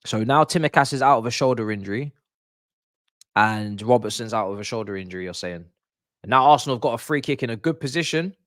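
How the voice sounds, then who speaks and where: A young man, doing excited, slangy live commentary for a football watch-along stream, repeating himself as he reacts. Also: mid-range voice, quick pace, dry recording, clean studio sound.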